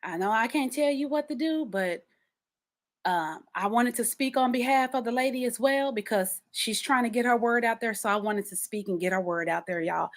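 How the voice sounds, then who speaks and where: A podcast host with a slightly high voice chats solo at normal speed, animated and talking straight to her listeners. When she stresses a point, she repeats words.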